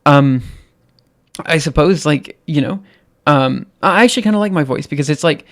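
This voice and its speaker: A man's voice: on the high side, animated, moderate pace. A young man with a light, somewhat androgynous voice, hosting a live stream in casual chat that rambles, with many ums and restarts, and laughing easily. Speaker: livestream host.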